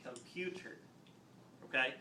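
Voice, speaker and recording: A man's voice: mid-range voice, bright, forceful tone, slight background noise. Man teaching phonics in an echoey classroom. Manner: patient, explains step by step, claps out words slowly. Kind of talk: classroom phonics lesson on video. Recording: roomy echo, mic at a distance, faint ambience.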